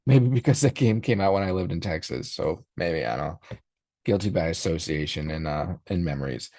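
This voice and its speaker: A man's voice: sits low, fairly quick, mellow, no echo. A man in his forties hosting a podcast, reacting casually in a rambling, nostalgic way with many fillers and restarts. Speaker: podcast host.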